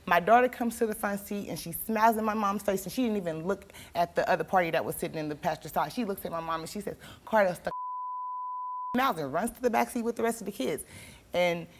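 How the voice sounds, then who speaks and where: A woman's voice: medium pitch, quick pace, background noise. A young woman telling a talk show host an emotional story, her voice turning tearful and pleading. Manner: tearful, pleading, rising to shouts. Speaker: guest.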